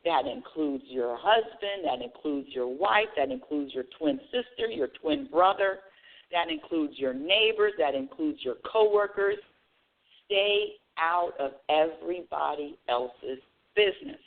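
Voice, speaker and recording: A woman's voice: deep voice, lively intonation, unhurried. A woman hosting a live talk radio show, telling a story in a chatty way. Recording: tinny phone line.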